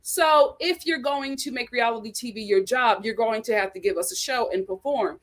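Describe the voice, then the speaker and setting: A woman's voice: a little high, moderate pace. A woman hosting a live reality TV review, talking in a sassy, dramatic way and laughing often. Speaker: reality TV review show host. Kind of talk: animated live review chat.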